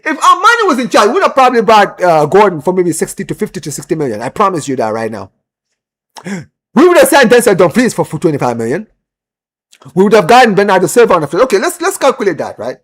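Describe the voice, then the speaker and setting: Young guy going off on his live stream, fairly high voice, swings up and down a lot, keeps saying bro. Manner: animated, repeats himself, lots of "bro" and "man", rising when heated. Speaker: football live stream host. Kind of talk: casual live stream rant.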